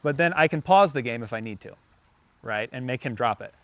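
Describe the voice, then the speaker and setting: A man's voice: medium pitch, expressive, brisk, fairly bright tone, no room sound, muffled recording. A man working as a dog trainer, giving a casual hands-on lesson, chatty and full of fillers, breaking off to praise and command the dog.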